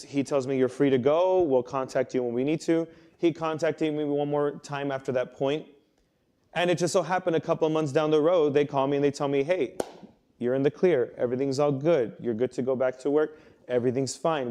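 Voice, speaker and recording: A young youth pastor with a mellow, medium-pitched voice preaches to a youth group, telling a personal story in a conversational, earnest way. He acts out the quoted lines and his inner thoughts, restarting often.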